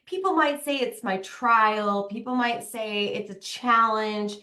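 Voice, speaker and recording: Young woman, candid mom coach, chatty and emphatic; unhurried delivery, roomy echo. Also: fairly high pitch, sharp tone. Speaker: mom coach, podcast host. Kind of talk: motivational talk to mothers. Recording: echoey room.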